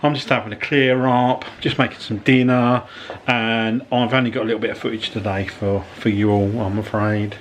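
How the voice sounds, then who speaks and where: A man giving a relaxed, rambling vlog update to camera from an office. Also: on the low side, normal speed, slight background noise. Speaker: vlogger.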